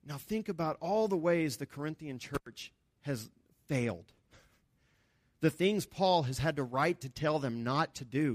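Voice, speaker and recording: A pastor preaching a sermon in an earnest, conversational way, with emphatic rises on key points. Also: male voice, a little high, animated, a little slow, dry recording, clean studio sound.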